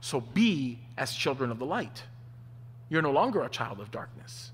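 A man preaching a sermon, telling stories in an animated way. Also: medium pitch, normal speed, slightly rough. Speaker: pastor. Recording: long hall reverb.

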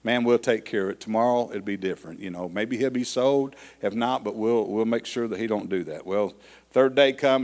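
A man's voice: lowish voice, a little mellow. A man preaching an evening church service, telling a folksy joke story with chuckles before reading scripture. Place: church sanctuary. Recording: long hall reverb.

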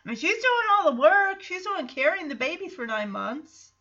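Bright, chatty woman podcast host. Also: extremely high pitch, moderate pace, highs cut off. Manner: chatty, animated, acts out quotes. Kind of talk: casual episode recap.

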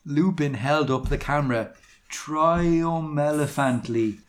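A man's voice: medium pitch, lively intonation, a little slow. A man co-hosting a casual podcast, reading fan fiction aloud in a mock-dramatic way, laughing and swearing often. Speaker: podcast co-host.

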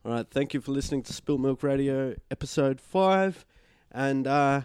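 A man's voice: medium pitch, moderate pace, a little mellow, clear, resonant tone, no echo. Swearing, teasing man hosting radio. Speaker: radio show host. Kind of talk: casual radio chat.

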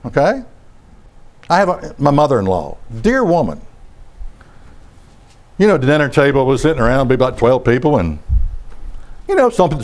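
A middle-aged man preaching a sermon in a folksy, conversational way with sarcastic asides. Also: mid-range voice.

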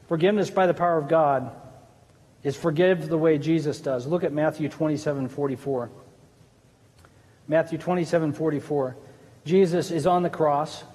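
A man's voice: a little high, darkish tone, big-room sound. A man, a pastor, preaching an earnest, conversational sermon with asides to the congregation.

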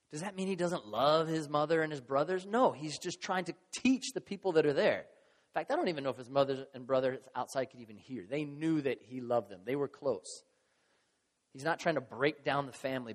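Pastor guy preaching casual and lively, voice on the higher side, big echoey church hall. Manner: conversational, animated, acts out quoted voices. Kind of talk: sermon. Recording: long reverb of a large hall.

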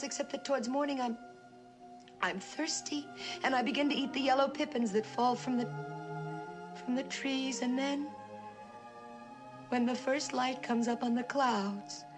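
An actress performing a distraught young woman in a 1950s melodrama pours out her dread in a high, tearful voice. Her delivery is theatrical and stagey, and a film score swells clearly behind her. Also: lightly acted. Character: distraught young woman reliving buried childhood terror.

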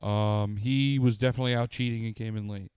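A man's voice: lowish voice, steady tone, fairly quick, darkish tone, clean tone, no room sound, studio quality. A man co-hosting a casual podcast, joking and teasing in crude, profane banter. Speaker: podcast co-host.

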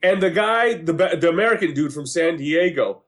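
A man chatting casually and recapping a TV show, animated, acting out quotes, swearing freely and laughing often. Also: a little high, normal speed.

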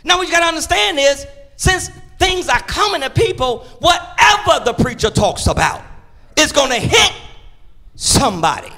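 High-voiced, lively preacher man. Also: moderate pace, gravelly. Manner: call-and-response preaching, swinging between shouts and quiet asides. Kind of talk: sermon. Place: church sanctuary.

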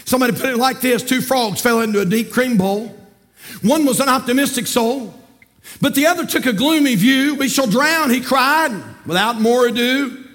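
A man with a Southern US accent preaching a sermon from the pulpit, telling stories and calling the congregation not to quit. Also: normal speed. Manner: emphatic preaching that rises to shouts and drops low. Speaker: pastor. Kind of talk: sermon with storytelling. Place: church sanctuary, from the pulpit.

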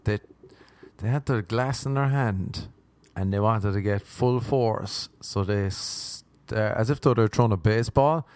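A man's voice: lowish voice, measured pace, darkish tone, dry recording. A young man hosting a podcast, rambling through comic stories with plenty of swearing. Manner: rambling, swearing, jumps between silly impressions. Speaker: podcast host.

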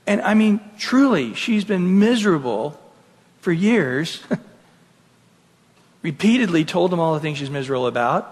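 A man, a pastor, preaching earnestly and acting out quotes with animated delivery. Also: high-pitched, a little slow, in a large hall. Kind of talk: sermon.

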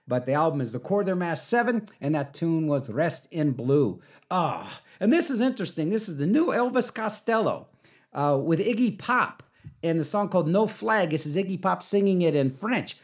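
A man hosting a college radio show, back-announcing songs in a rambling, self-mocking way full of fillers. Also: a little high.

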